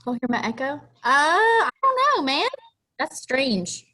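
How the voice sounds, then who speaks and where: A friendly woman teacher calls in to her online class. Her voice sits high, and she chats with her students in a loose, casual way. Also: big pitch swings, measured pace, sharp tone. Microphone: headset microphone, then computer mic.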